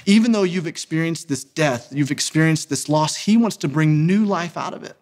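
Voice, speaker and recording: Man in his thirties, earnest preacher-style speaker, higher-pitched voice, leans hard on key words. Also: lively intonation, darkish tone. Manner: earnest, emphatic, slows down to stress key words. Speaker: ministry founder and speaker. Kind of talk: sermon-style inspirational talk.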